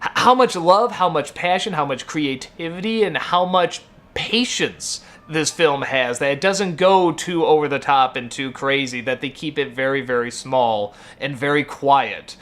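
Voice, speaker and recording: A slightly high, somewhat bright male voice at a measured pace belongs to a web show host in his thirties. Unscripted and casual, he rambles through fillers and corrections and gets heated over small moments.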